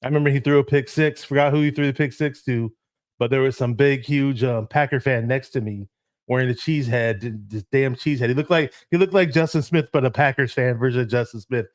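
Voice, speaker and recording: Man, co-host, casual sports chat, relaxed, many ums and pauses, dry close sound. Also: medium pitch, dry recording.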